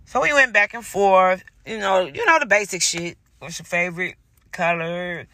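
A woman with a raspy voice telling stories in a casual monologue, blunt and profane, acting out both sides of each exchange. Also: lowish voice, moderate pace, no room sound. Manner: blunt, profane, animated storytelling. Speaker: podcast host.

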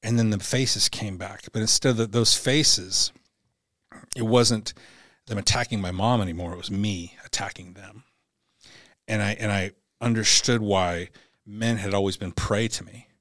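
A man's voice: fairly low pitch, fairly even intonation, measured pace, a bit bright, dry recording, clean studio sound. A middle-aged man, a former Navy SEAL, speaking as a podcast guest. He tells a personal story candidly and bluntly, with profanity, and acts out the dialogue he quotes.

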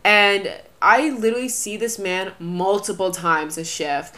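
A young adult woman telling stories in a casual chat, slangy and animated, often laughing as she talks. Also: medium pitch, measured pace. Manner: slangy, animated, says "bro" and "literally" a lot. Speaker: storyteller in a chat.

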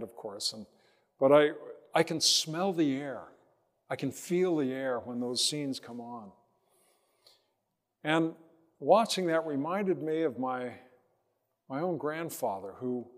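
A male pastor delivering a sermon at an unhurried, deliberate pace, pausing often as he reflects. His voice sits in a middle register and trails off into a long reverb tail. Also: mid-range voice. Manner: slow, reflective storytelling with pauses. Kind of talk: sermon with personal story and prayer.

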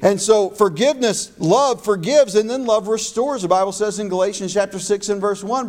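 High-voiced emphatic male pastor preaching. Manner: emphatic preaching with slowed, stressed phrases. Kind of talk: sermon.

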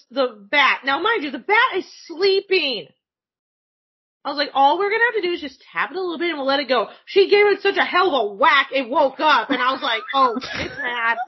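Woman, high animated voice, profane storyteller, casual chat, slightly dull recording. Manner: animated, swearing, laughing storyteller.

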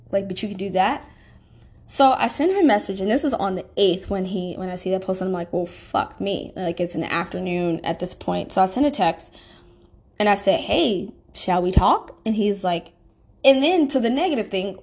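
A woman recounts a personal story in loose, casual talk. She rambles with frequent fillers and restarts. Her tone is emphatic and indignant, and her pitch sits in an ordinary middle range.

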